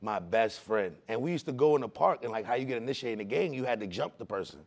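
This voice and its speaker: Gravelly-voiced man telling his own story. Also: medium pitch, fast talker. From the Bronx, New York. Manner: animated street slang, acts out voices in his stories. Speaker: speaker giving a personal testimony. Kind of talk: personal testimony storytelling.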